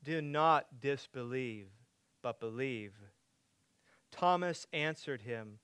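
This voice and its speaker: A man preaching a sermon to a congregation, asking them direct questions and building from quiet teaching to loud, emphatic preaching. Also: mid-range voice, slow, long pauses, clear, resonant tone, no room sound. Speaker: pastor.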